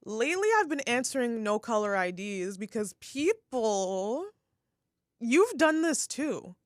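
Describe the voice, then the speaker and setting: A woman's voice: fairly high pitch, big pitch swings, unhurried, dry recording, clean studio sound. A young woman chatting casually on a podcast. She laughs often and trails off mid-sentence. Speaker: podcast co-host. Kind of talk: casual chat.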